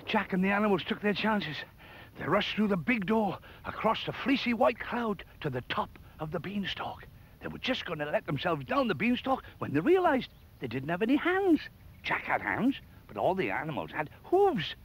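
Casting: older male storyteller for kids, high voice swooping all over, playful asides. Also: normal speed, slightly rough, poor audio. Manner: lively, playful, chatty asides to the child viewer. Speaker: children's storyteller and presenter. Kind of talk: animated storytelling for children.

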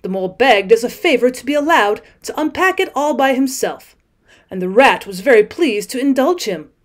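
A woman teacher reading a classic children's novel aloud in steady, clear audiobook narration. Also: a little high, normal speed.

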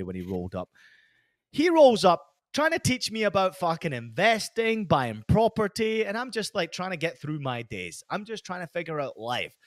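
A man's voice: fairly high pitch, no echo, clean studio sound. A middle-aged man from Scotland hosting a podcast, telling rambling, profane stories with lots of energy. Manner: animated, swears constantly, rambling storytelling. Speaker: podcast host. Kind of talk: casual profane chat.

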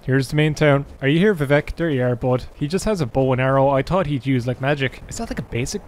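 A man's voice: medium pitch, quick pace, soft background music. A man doing playful gameplay commentary as a YouTuber, full of sarcastic, teasing asides. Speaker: gaming YouTuber.

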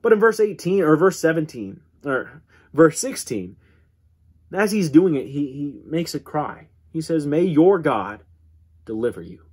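Husky-voiced man teaching Bible class. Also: animated, a little slow, a little mellow. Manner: earnest, repeats words when restarting, dramatic drops in pitch. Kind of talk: church Bible class lesson.

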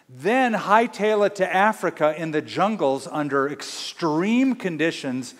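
A man's voice: on the high side, in a large hall. A man preaching a sermon as pastor, emphatic and full of rhetorical questions. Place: church.

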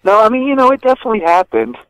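A man talking as a guest on a podcast, relaxed and casual, cursing freely between lots of fillers. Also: sits high, racing, no echo, dull audio. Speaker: documentary director, guest.

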